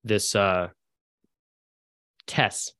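Brief: a man playing a wary cloaked agent, low and soft-spoken, for a tabletop game. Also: steady tone, very slow, clean tone, no room sound, studio quality, heavily acted. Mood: scheming. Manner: low, quiet, hesitant.

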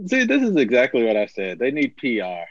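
Lively-pitched co-host on a dull mic. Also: male voice, fairly quick. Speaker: podcast co-host. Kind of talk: casual sports talk.

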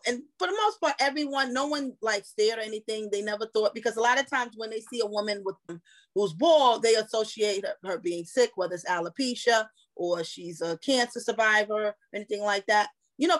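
A woman tells her own story as a podcast guest, animated and laughing easily. Her voice is somewhat high and lively in the telling. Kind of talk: casual storytelling.

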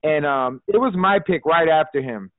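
A man's voice: on the high side, normal speed, dry recording. A man co-hosting a fantasy football podcast in casual chat, talking loosely with lots of fillers and restarts and swearing freely. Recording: dry, phone-like narrow sound.

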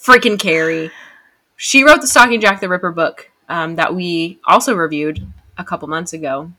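A young woman co-hosting a podcast, telling a story in an animated, excitable way. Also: on the low side, moderate pace. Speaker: podcast co-host. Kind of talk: casual chat.

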